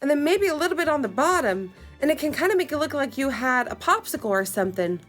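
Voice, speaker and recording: A woman hosting a beauty vlog talks through makeup steps in a casual, chatty way. Her voice sits on the high side and swings freely between notes. She exclaims and comments constantly as she goes. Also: quick pace, faint music behind. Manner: animated, exclaiming, reading steps aloud with running commentary. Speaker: beauty video host. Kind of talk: casual makeup challenge chat.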